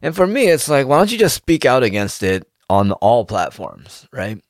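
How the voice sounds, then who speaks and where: A man's voice: medium pitch, normal speed, dry recording, clean studio sound. A man ranting in a casual monologue, swearing freely and firing off rhetorical questions. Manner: animated, profane, rhetorical questions.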